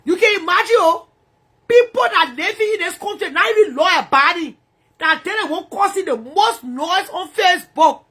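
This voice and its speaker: A woman's voice: extremely high pitch, lively intonation, normal speed, a bit bright. A woman ranting angrily in profane, repetitive bursts from her bedroom. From Liberia. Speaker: social media personality.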